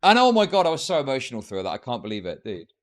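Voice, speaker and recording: A man's voice: fairly low pitch, fast, pitched below the performer's own voice, lightly acted. A man mockingly voicing a whiny, self-pitying male video maker in an exaggerated sing-song. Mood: mocking whine.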